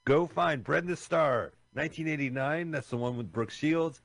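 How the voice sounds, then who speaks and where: A man's voice: a little high, moderate pace, vocal fry, fairly bright tone, dry recording. A man co-hosting a casual internet radio podcast, chatty and rambling, sometimes searching for words. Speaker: podcast co-host. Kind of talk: casual chat.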